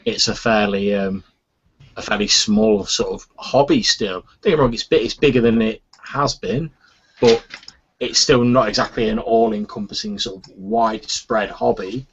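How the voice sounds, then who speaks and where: A man's voice: on the low side, normal speed, breathy edge. A man talking in a rambling, casual way on a podcast, full of "sort of" and fillers. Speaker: podcast host. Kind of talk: casual chat. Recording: dull lo-fi podcast audio.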